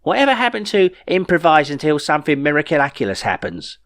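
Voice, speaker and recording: A man's voice: a little high, huge pitch swings, brisk, fairly bright tone, pitched above the performer's own voice, heavily acted. A man voicing a cheeky, optimistic man who talks in an upbeat, teasing way in a storybook reading. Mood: urging.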